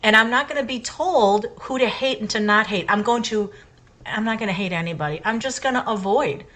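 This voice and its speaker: Brisk and fairly high-pitched with a bright tone, a middle-aged woman co-hosts a laid-back talk podcast. She voices strong opinions passionately, driving each point again and again.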